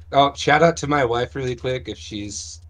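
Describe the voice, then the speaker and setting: Man, podcast co-host, casual chat, laughs a lot, quick and excitable. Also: mid-range voice.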